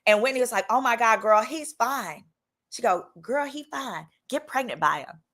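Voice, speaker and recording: A woman's voice: a little high, moderate pace. A woman in her thirties casually telling a personal story with sass, acting out other people's lines. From Texas. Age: 30s. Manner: animated, sassy, acts out quotes in different voices. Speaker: legal commentary host.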